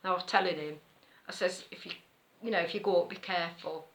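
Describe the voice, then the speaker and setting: A woman's voice: lowish voice, fairly even intonation, fast, fairly bright tone. A middle-aged woman with an East Midlands accent, chatting casually in a rambling way as a knitting vlogger, laughing often as she tells a story. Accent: East Midlands English.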